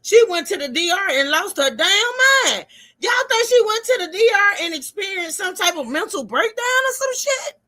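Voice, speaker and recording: A woman hosting a casual livestream, telling stories loudly, laughing and swearing. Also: extremely high pitch, moderate pace. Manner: loud, laughing, profane, animated storytelling. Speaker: streamer host.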